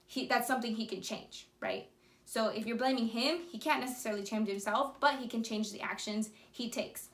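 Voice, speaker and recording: A woman vlogger talks her viewers through relationship advice, laying it out step by step and acting out sample phrases along the way. Her voice sits on the higher side. The room around her rings with noticeable echo. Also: fairly even intonation, normal speed. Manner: explains step by step, acts out example phrases. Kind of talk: casual advice talk to camera. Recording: echoey room.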